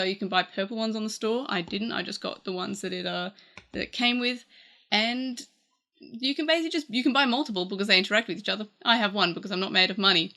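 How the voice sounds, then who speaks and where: Australian woman, bright voice, chatty, rambling, casual gadget review. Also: medium pitch. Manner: chatty, rambling with fillers and restarts. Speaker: tech reviewer.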